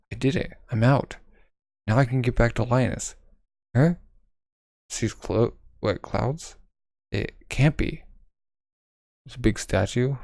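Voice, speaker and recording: A man does a casual manga read-along, reading aloud while stumbling over words and tossing in side comments and fillers. His mid-range voice is gravelly and darkish, with no room sound.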